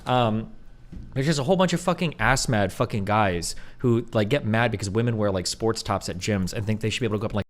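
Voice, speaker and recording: A man's voice: lowish voice, quick pace. A man in his thirties streaming, ranting bluntly and profanely to his chat, mocking others with put-on voices. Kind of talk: livestream rant to chat.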